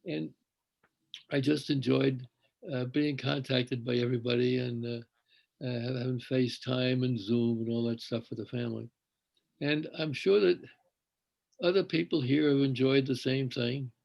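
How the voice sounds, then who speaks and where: A man's voice: medium pitch, fairly even intonation, unhurried, gravelly, lo-fi sound. An older man on a video call telling a long, meandering personal story with many fillers and restarts. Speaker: congregation member sharing.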